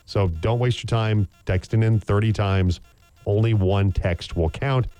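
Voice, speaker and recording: A man's voice: on the low side, fairly even intonation, a little slow, dark tone, faint music behind. A man hosting a sports radio show, chatting casually, repeating himself and laughing easily.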